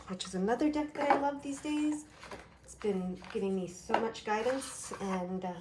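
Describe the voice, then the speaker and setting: A woman from Canada's East Coast giving a tarot reading, talking quickly and excitedly with many fillers. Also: fairly high pitch, noisy background. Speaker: tarot reader. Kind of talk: tarot card reading to camera.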